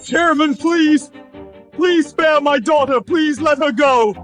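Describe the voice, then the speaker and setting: High-voiced father pleading for his daughter, music behind. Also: slow, fairly bright tone, heavily acted. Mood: begging. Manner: begging, pleading.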